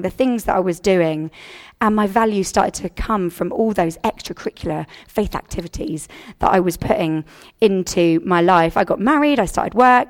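A woman in her thirties from England, speaking to a church congregation and sharing a personal testimony in an earnest, conversational way with frequent restarts. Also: medium pitch.

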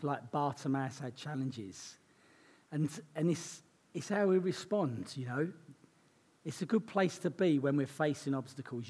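A male preacher delivers his sermon with a hoarse, croaky voice. He sits a little high in pitch and talks earnestly, dropping in conversational asides. The husky edge never leaves his speech. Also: a little mellow.

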